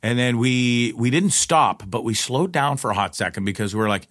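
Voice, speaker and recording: A man's voice: moderate pace, no room sound. Brief: man, casual storyteller, swears freely, rambles and restarts, dry close sound. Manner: profane, rambling, restarts often; animated retelling, pitch jumps in quoted lines. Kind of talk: casual personal anecdote.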